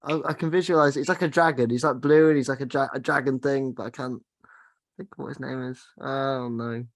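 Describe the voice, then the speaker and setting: A man's voice: mid-range voice, steady tone, brisk, dry recording. Man, podcast host, casual chat, dry close sound. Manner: hesitant, lots of ums and restarts.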